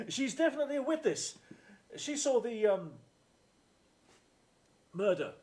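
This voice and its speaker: A man acting a deadpan male assistant with a convoluted backstory in a live stage comedy sketch. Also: extremely high pitch, unhurried, full character voice. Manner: deadpan, matter-of-fact replies.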